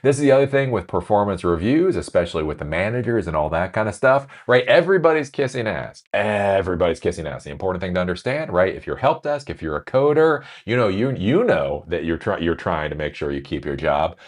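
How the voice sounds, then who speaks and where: A man hosting a podcast news commentary, animated and sarcastic, switching between reading news excerpts and ranting. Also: low-pitched, a little fast, few pauses. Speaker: host.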